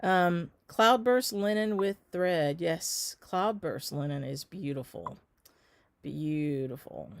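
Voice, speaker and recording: Slow and lowish, the voice belongs to a Southern American woman who owns a shop and hosts a live stitch stream. She keeps it casual, filling her answers to viewer comments with plenty of ums.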